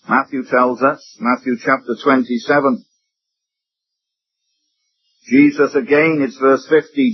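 A man's voice: on the high side, husky. A man preaching a sermon, emphatic, his voice rising and dropping sharply for effect. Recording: dull lo-fi recording.

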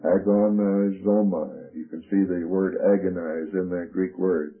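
A man with a fairly low voice teaches from scripture, moving steadily through numbered and lettered points. The sound is thin and narrow, like an old radio broadcast heard over a phone line. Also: steady tone, measured pace, faint music behind. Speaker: Bible teacher.

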